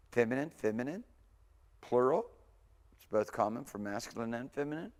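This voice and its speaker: A man's voice: mid-range voice, animated, moderate pace, long pauses, darkish tone. Man lecturing in a reverberant room. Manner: informal, thinks aloud, corrects himself. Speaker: language lecturer. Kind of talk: recorded university lecture.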